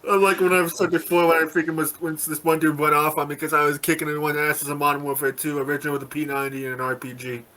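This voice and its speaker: A man's voice: fairly high pitch, flat delivery, rapid-fire, hardly any pauses, bright, forceful tone, a little hiss or hum. A man chatting on a podcast, crude and rambling, laughing through his stories. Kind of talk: casual chat.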